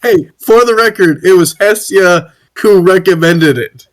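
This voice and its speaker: Male player, casual and halting, repeats himself. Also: sits high. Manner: hesitant, repeats words. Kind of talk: casual tabletop play.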